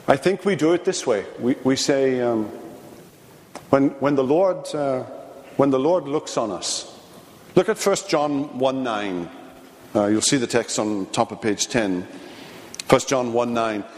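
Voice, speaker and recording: A man preaching a midweek theology lecture in an earnest, halting way, full of fillers and restarts. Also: medium pitch, a little mellow. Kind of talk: sermon lecture. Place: church sanctuary. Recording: long reverb of a large church.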